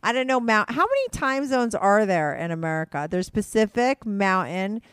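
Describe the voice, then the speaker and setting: A woman hosting a podcast, rambling excitedly and laughing easily, feeling hyper and giddy. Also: mid-range voice, moderate pace, smooth, no echo, studio quality. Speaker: podcast host. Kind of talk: casual podcast chat.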